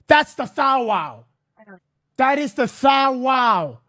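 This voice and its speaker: A streamer talking to chat in a live-stream reaction, exclaiming, swearing and repeating phrases, with loud music behind. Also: high voice, sing-song, slow pace, no room sound, clean studio sound. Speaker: livestreamer.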